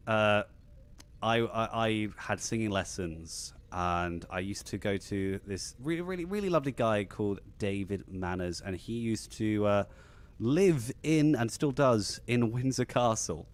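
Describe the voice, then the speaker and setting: A man with a slightly posh southern English accent chats on a live stream, his pitch leaping up and down with lively energy. He rambles and often restarts his sentences in a loose, friendly host's patter. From England. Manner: animated and rambling, many restarts. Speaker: podcast host. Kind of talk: casual live-stream chat.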